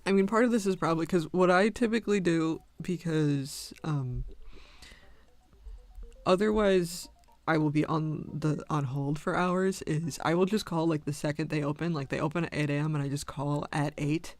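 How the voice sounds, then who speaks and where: Chatty man with a higher voice. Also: normal speed, no echo. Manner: rambling storytelling, laughs often. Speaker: livestreamer. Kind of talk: casual chat while drawing.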